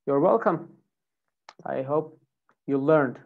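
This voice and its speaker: Woman teacher, deep and unhurried voice, slightly muffled audio. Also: gravelly. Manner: slow, deliberate, repeats examples. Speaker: online English teacher. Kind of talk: live online lesson.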